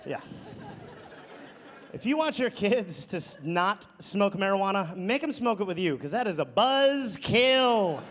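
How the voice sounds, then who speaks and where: Sardonic male stand-up comic from Wisconsin, high-pitched voice, live crowd laughing. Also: sing-song, a little slow, fairly bright tone. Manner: sardonic storytelling. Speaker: stand-up comedian. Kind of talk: stand-up comedy. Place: comedy club stage. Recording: live club with audience laughter.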